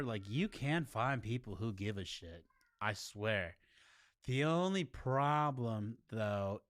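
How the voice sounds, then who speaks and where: A man's voice: medium pitch, a bit bright, no echo, clean studio sound. A young man from chatting casually with his stream viewers, rambling and laid-back, often calling them dude and bro.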